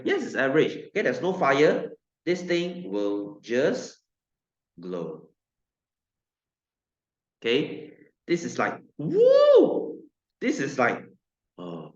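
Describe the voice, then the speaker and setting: A man with a Malaysian English accent teaching a science class online in a playful, joking, chatty way. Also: mid-range voice. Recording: echoey room, slightly dull lo-fi sound.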